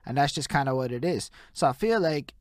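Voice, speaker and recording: A man's voice: medium pitch, expressive, brisk, no echo, studio quality. A man from Quebec in casual, profane, jokey conversation as a podcast host. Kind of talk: casual chat.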